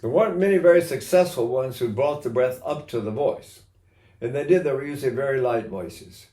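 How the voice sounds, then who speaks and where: A man's voice: medium pitch, expressive, brisk, dark tone, echoey room. An older man teaching singing technique in a rambling way, breaking into sung vowels and imitated voices to demonstrate. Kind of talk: recorded voice lesson.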